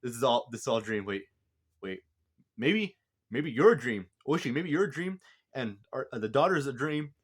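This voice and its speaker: A man's voice: on the low side, fairly even intonation, quick pace, natural voice. A man voicing a jittery young war veteran who talks frantically and repeats himself. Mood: panicked.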